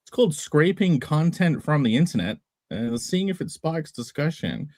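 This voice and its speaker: A man's voice: fairly high pitch, animated, moderate pace, darkish tone, dry recording, clean studio sound. A man from England co-hosting a casual podcast chat over a video call, rambling and jokey. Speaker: co-host.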